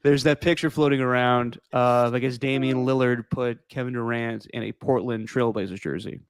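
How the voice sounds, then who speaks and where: Male podcast host, casual rambling sports opinions, clear voice, dry close sound, slightly hoarse. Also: medium pitch, fairly even intonation, normal speed, no echo. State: losing his voice.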